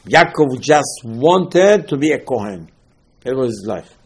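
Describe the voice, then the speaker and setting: Husky man giving an emphatic sermon. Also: medium pitch, very animated, measured pace. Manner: emphatic, rhetorical questions, swings between hushed and loud. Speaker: rabbi. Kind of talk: Torah sermon.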